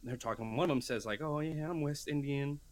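Speaking fairly quickly in a voice on the high side, this male podcast co-host spins a long story in casual conversation. He animates it by performing the quoted voices of its characters.

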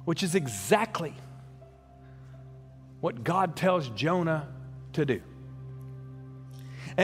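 A male pastor preaching a sermon, emphatic, often repeating words as he builds to a point and then dropping low and quiet. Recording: long hall reverb.

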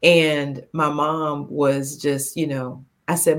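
A woman in her fifties, a podcast guest telling a personal story in a heartfelt, animated way, laughing now and then. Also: low voice, slow pace, few pauses. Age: 50s.

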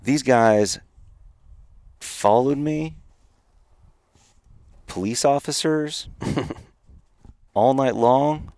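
A man, a podcast guest, casually telling a long, animated story and laughing at his own misadventure. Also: medium pitch, extremely slow, pauses often, dry recording. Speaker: podcast guest, company founder.

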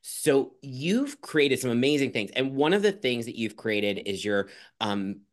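Man, podcast host, casual heartfelt chat, animated, laughs a lot, middle-pitched voice. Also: a little slow. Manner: animated, laughs often, quotes himself in lively voices.

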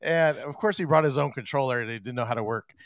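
A man hosting a casual chat, relaxed and laughing along. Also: mid-range voice, fast, dry recording, clean studio sound.

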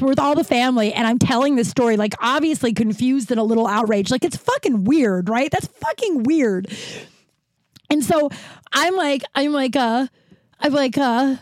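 A woman's voice: on the high side, a little mellow, no room sound. A woman in her thirties from Colorado hosting a podcast, telling comic stories in a rambling, profane way and laughing often. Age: 30s. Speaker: podcast host. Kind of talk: casual comedic storytelling.

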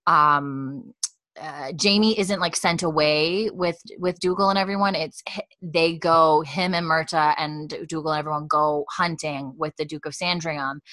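A woman co-hosting a casual podcast and reading listener messages aloud, chatty and quick to laugh. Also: deep voice, sharp tone, no room sound.

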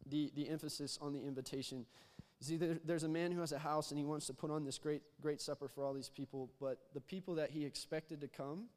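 A man's voice: a little high, fairly even intonation, brisk, hardly any pauses, a little mellow. A young man preaching a casual sermon as a youth pastor in a church, often repeating words and prompting the congregation to answer back. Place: church sanctuary. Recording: long hall reverb.

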